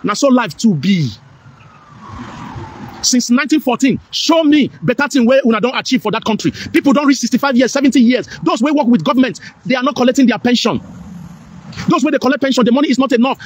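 Fast, high-voiced Nigerian man ranting. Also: lively intonation, a little hiss or hum. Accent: Nigerian, with Pidgin. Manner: preachy, repetitive, emphatic. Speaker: political commentator. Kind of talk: impassioned monologue.

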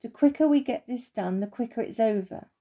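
A woman reading as a bossy old military bird from a storybook. He is brisk and commanding, with a mellow, dark voice. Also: on the high side, a little hiss or hum, close to an everyday voice. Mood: stern. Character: pompous old male bird, the Major.

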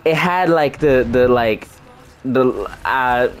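A man's voice: mid-range voice, takes it slowly, clean tone. A young man giving casual gameplay commentary, trash-talking loosely and rambling with restarts. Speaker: gaming streamer.

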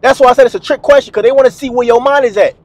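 A man's voice: very high voice, racing, dry recording. A man hosting a dating advice video, talking bluntly and emphatically to camera in a slangy, repetitive way. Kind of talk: direct-to-camera advice monologue.

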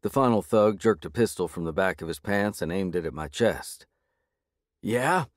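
A man reading a first-person audiobook in a measured, gritty way. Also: deep voice, no room sound, clean studio sound. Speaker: audiobook narrator.

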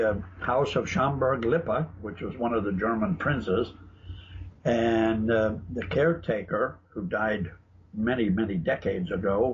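A man being interviewed, telling stories in a chatty, anecdotal way, with frequent restarts. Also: mid-range voice. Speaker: guest author and researcher. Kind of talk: casual interview talk, storytelling. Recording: dull lo-fi broadcast audio with faint noise.

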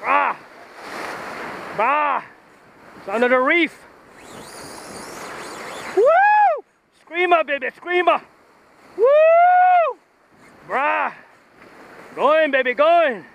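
A man fishing from the shore, whooping and calling out excitedly as he fights a big fish, with surf and wind behind him. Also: very high-pitched, slow, gravelly, long pauses, muffled recording. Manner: whooping, shouting with excitement, local slang. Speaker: fisherman. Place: outdoors on the shore by the ocean. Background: waves and wind.

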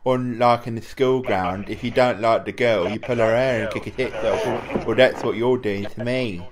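A man's voice: mid-range voice, steady tone, normal speed, background noise. A man trolling other players in game voice chat, mocking and sarcastic. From southern England. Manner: taunting, sarcastic, jumps between loud jeers and mock sweetness. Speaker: online game troll streamer.

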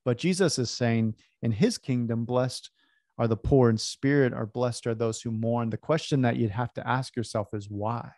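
A man from California telling a personal story in an animated, self-deprecating way to an audience. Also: mid-range voice, normal speed, no echo, studio quality. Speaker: speaker. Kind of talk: storytelling talk.

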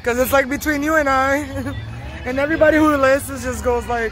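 A woman's voice: high voice, steady tone, brisk, a bit bright. A woman vlogging in a casual, rambling monologue, profane and offhand, laughing often as she talks outdoors on a street.

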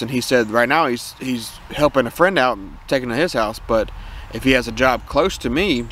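A man's voice: mid-range voice, normal speed, hardly any pauses, a bit bright. Rambling Southern man vlogging outdoors. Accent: Southern American. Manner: rambling, enthusiastic, many restarts. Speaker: homesteader vlogger. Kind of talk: casual outdoor vlog. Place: outdoors in a yard. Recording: faint outdoor noise.

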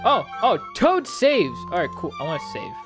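A woman's voice: mid-range voice, moderate pace. Woman casually narrating her gameplay. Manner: relaxed, hums and sings along to the game. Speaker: gaming video host. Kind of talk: casual game commentary. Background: game music.

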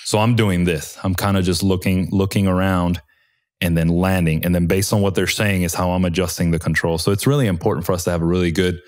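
A man, a former Army helicopter pilot, telling lively stories on a podcast in a home studio, with casual swearing. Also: low voice, fast talker. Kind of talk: casual storytelling.

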